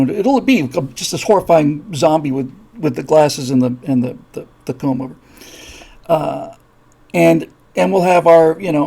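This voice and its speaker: A man hosting a live show, his voice gravelly and somewhat husky, pitched a bit higher than most men. He rambles through a casual story, full of fillers and restarts, and slips into quick acted-out voices. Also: mellow. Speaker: host.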